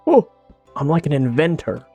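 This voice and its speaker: A man from Canada talks through his game footage in a casual, playful way. His voice is mellow and dark, but his pitch leaps around a lot as he gets excited. Faint music plays behind him. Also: moderate pace, vocal fry, husky. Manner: playful, excitable, often laughing and shifting pitch. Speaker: game YouTuber. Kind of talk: casual gameplay commentary.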